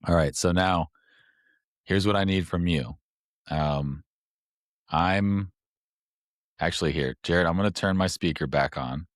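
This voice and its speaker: Brief: male podcast host, extremely deep voice, rambling casual explainer, dry close sound. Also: measured pace, pauses often, no echo. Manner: rambling, explains step by step with fillers.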